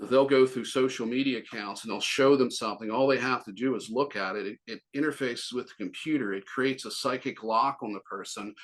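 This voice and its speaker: A man's voice: medium pitch, fairly bright tone. A man as an interview guest, telling a long personal story in a rambling way, full of restarts and quoted back-and-forth. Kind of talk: casual storytelling.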